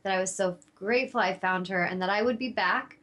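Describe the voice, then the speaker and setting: A woman's voice: mid-range voice, a little fast, fairly bright tone. A woman hosting her own show, telling a personal story in a heartfelt, spiritual way, rambling a little with fillers. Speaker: talk show host.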